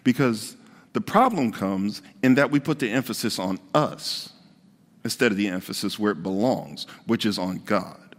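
A man's voice: lowish voice, expressive, moderate pace, big-room sound. A man preaching a conversational sermon as pastor, repeating his key points for emphasis.

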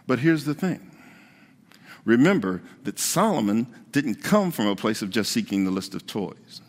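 A man's voice: medium pitch, sing-song, moderate pace, big-room sound. A man preaching a conversational sermon as pastor, repeating his key points for emphasis.

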